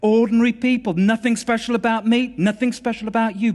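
A man preaching a sermon, telling a story in a lively, conversational way with some restarts. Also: extremely high pitch, brisk.

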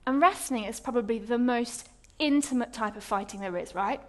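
Woman, preacher, high voice, lively storytelling, sermon. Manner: lively storytelling, dramatic pauses.

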